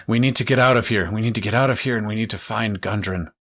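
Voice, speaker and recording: A man's voice: on the low side, fast, a bit bright. A man voicing a rescued prisoner who stammers with urgency. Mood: urgent. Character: shaken rescued male prisoner, adult.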